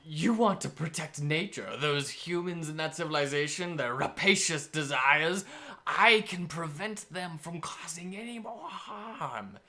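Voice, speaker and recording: A man voicing a hideous, scheming female sea hag who speaks slowly and temptingly, in a higher voice than his own. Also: lively intonation, bright, forceful tone, exaggerated voice. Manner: slow, wheedling, tempting.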